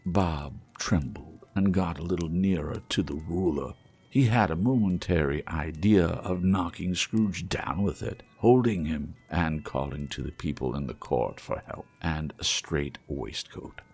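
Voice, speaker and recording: Slow gravelly storyteller man. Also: low voice. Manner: expressive, shifting to hushed asides. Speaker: audiobook narrator. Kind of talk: storybook reading.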